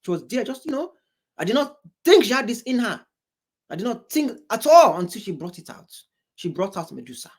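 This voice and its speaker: A man's voice: high voice, very animated, fairly quick, slightly rough. African guy rambling through a reaction video, keeps repeating himself, gets exasperated. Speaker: commentator reacting to a debate show. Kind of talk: casual reaction commentary.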